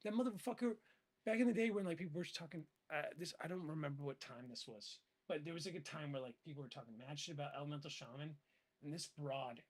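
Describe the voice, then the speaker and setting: A man's voice: on the high side, a little fast, breathy edge. A man, a gaming streamer, telling rambling stories in casual, profane chat full of filler words. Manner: rambling, animated, heavy swearing and filler words.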